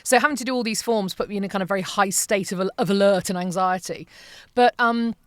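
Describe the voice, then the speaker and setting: A British woman of about fifty, a broadcaster appearing as a podcast guest, chats casually in an interview and tells animated stories, acting out the voices she quotes. Her voice is medium-pitched and quick, with no room sound.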